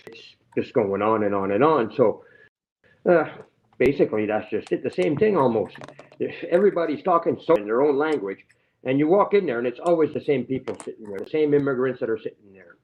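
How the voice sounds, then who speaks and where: A man's voice: mid-range voice, lively intonation, a little fast, slight background noise. Male guest on a livestream, rambling and profane, dull audio. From Canada. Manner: rambling, heavily profane, aggrieved. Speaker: guest telling his story. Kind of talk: casual livestream chat.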